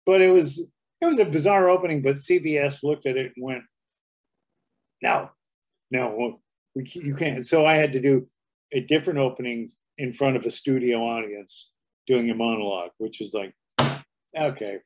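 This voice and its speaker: The speaker is an older man from Canada, a comedy writer and performer who shares comic anecdotes as a guest and breaks into character voices. His mid-range voice is steady and a little mellow, and he talks slightly fast.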